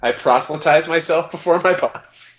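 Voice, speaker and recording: A man's voice: fairly high pitch, moderate pace, fairly bright tone, rough recording. A man co-hosting a casual podcast, joking and poking fun at himself. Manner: joking, self-mocking. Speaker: podcast co-host.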